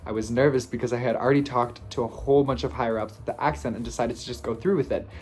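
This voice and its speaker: A man hosting a video, reading posts aloud and reacting to them expressively, swinging between playful and hushed. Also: medium pitch, steady tone, fast. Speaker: video host.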